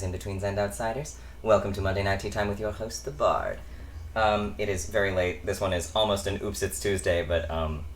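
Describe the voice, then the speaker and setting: A man's voice: fairly low pitch, fairly bright tone. A young man from the United States hosting a casual chat vlog from his bedroom, rambling through tangents with lots of ums. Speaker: host.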